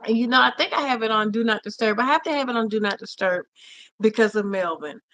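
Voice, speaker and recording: Chatty woman with a high voice. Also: fast, a bit bright. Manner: chatty and affectionate, calls viewers honey and cousin. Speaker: livestream host. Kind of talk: casual live chat with viewers.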